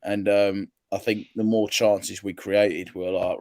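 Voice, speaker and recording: Low-voiced man rambling about football. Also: level tone, a little fast, darkish tone, no echo, studio quality. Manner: rambling, swears casually, lots of fillers. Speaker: podcast co-host. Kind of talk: casual football chat.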